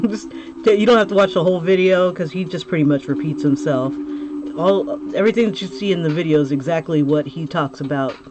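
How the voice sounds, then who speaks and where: While she draws on a livestream, a talkative woman chats with her viewers, laughing a lot and starting sentences over. She speaks briskly in a fairly low voice, with music clearly audible in the background.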